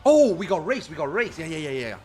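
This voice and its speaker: A man streaming an online game in casual chat, excitable, swearing freely and repeating himself. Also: fairly high pitch, fast, soft background music.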